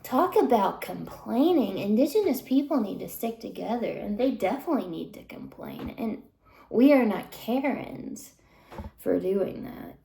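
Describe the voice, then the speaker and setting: A woman ranting in an indignant monologue to camera, often dropping into hushed whispered asides. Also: medium pitch, expressive, moderate pace, vocal fry, few pauses, reverberant. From United States. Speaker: vlogger.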